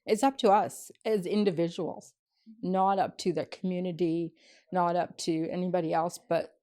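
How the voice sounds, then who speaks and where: A mother telling a personal story in an interview, animated and firm in her views. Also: lowish voice, moderate pace.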